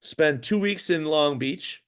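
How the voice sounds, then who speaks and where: A man's voice: on the high side, takes it slowly, smooth. A man, a former pro hockey goalie, telling a long story in a casual interview, full of fillers and restarts. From Minnesota. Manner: animated, rambling storyteller with many fillers and restarts.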